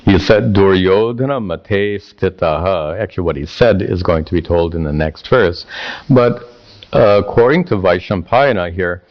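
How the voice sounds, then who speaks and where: A man teaching a scripture class, speaking haltingly with repeated words and chanting verses slowly. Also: sits low, muffled recording.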